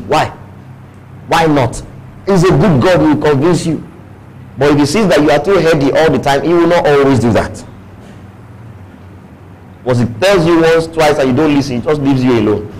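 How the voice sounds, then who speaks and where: A pastor with a Nigerian English accent, preaching a sermon in church, with playful asides and acted-out quoted voices. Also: male voice, fairly high pitch, normal speed, long pauses, a little mellow, low-quality recording.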